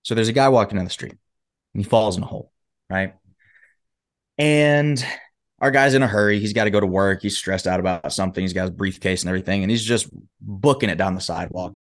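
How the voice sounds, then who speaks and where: Guesting on a talk show, a male motivational speaker tells a story animatedly, acting out its characters in a voice on the low side.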